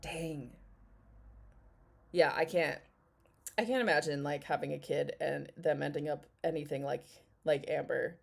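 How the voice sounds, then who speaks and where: A woman's voice: low voice, measured pace, gravelly, pauses often. A woman in her thirties chatting casually while reacting to a video, blunt and sarcastic, swearing and laughing often. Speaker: commentary vlogger.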